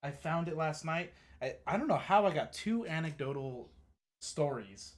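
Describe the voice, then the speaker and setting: A man co-hosts a relaxed live-stream conversation from home. He tells his anecdotes in an animated, joking way. His voice sits a little higher than most men's. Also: moderate pace. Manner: animated storyteller, jokey, laughs often. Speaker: co-host. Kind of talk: casual live-stream chat. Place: home, joined remotely.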